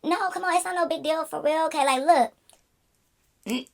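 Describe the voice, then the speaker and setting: A pushy young woman friend, put on by a female storyteller, who wheedles and insists that it is no big deal. Her voice sits high and bright above the teller's own. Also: normal speed. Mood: coaxing.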